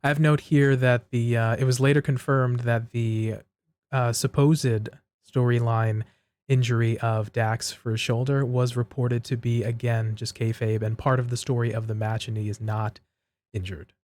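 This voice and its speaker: A man's voice: mid-range voice, flat delivery, moderate pace, a little mellow. A man co-hosting a wrestling podcast, recapping matches casually and steadily, step by step. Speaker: podcast co-host.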